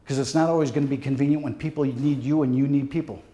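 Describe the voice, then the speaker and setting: A man's voice: mid-range voice, steady tone, quick pace. Echoey man telling a dramatic story. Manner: dramatic storytelling, speaks straight to the audience; pleading, drops to near hush at the end. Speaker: police deputy chief giving a safety talk. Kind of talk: motivational presentation to students. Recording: echoey hall.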